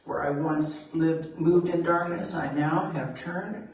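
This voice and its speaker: A woman's voice: low-pitched, takes it slowly. Woman reading aloud in a hall. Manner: calm, earnest reading aloud. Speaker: reader. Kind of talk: spiritual reading. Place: church hall. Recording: echoey hall from far off.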